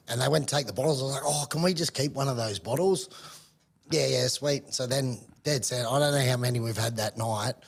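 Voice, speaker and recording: A man's voice: mid-range voice, creaky, husky. An Australian man on a podcast, rambling through a story with swearing and laughs. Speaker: podcast co-host. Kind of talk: casual chat.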